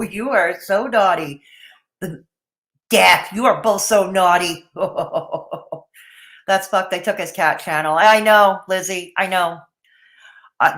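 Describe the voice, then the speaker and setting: A woman's voice: mid-range voice, a bit bright. A woman hosting a casual livestream, blunt and opinionated, greeting chat viewers by name between comments. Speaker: livestream host.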